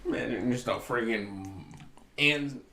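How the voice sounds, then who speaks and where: A man's voice: mid-range voice, slow pace, gravelly, bright, forceful tone, reverberant. A man co-hosting a podcast, teasing and laid-back as he poses would-you-rather questions. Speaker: podcast co-host. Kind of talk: casual podcast banter.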